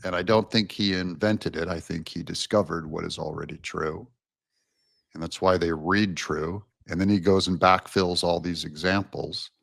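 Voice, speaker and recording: Male podcast guest, deep gravelly voice, reflective and casual, dry recording. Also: steady tone, normal speed, fairly bright tone, no echo. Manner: thoughtful, drifts between references and ideas.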